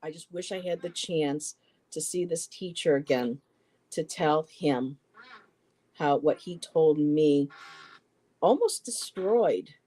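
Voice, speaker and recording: A woman in her fifties, co-hosting a live poetry stream, telling a personal story casually, halting often with "you know" and restarts. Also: low-pitched, warm tone. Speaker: poetry show co-host.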